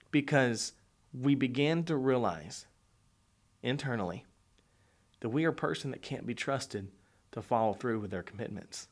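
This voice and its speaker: A man speaking as a motivational coach, talking earnestly and conversationally and repeating phrases for emphasis. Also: on the high side. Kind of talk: motivational monologue to camera.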